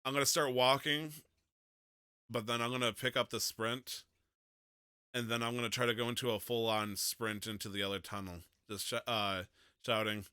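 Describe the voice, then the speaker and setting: A man's voice: medium pitch, steady tone, moderate pace, pushed and bright, clear, resonant tone, no room sound, studio quality. A man playing a tabletop role-playing game, playful and laughing as he describes his character's antics. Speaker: player.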